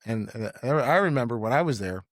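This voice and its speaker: A blunt young man chatting as a podcast guest, his voice at an ordinary pitch. He rambles and swears freely, and the recording sounds close and dry, with no room around it. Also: expressive, a little fast, fairly bright tone, dry recording. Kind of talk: casual chat.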